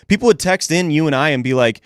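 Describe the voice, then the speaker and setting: A man's voice: on the high side, quick pace, no room sound. A man co-hosting a morning radio show, chatting casually and telling stories with lots of energy in a studio. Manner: chatty, animated storytelling.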